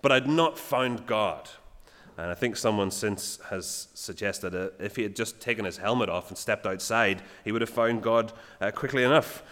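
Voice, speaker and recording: A man giving a sermon in a plain conversational way, often pausing with fillers. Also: fairly low pitch, fairly bright tone, big-room sound. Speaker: preacher.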